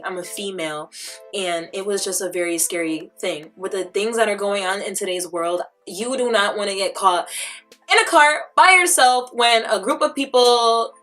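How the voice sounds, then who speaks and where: A woman vlogger telling a story casually, animated and dramatic, with lots of "like" fillers. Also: medium pitch. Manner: chatty, filler-heavy.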